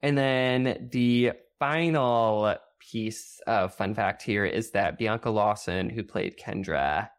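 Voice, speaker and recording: A woman's voice: rumbling low, slow pace, few pauses. A young woman co-hosting a casual rewatch podcast, chatty and full of fillers as she shares trivia. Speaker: podcast co-host.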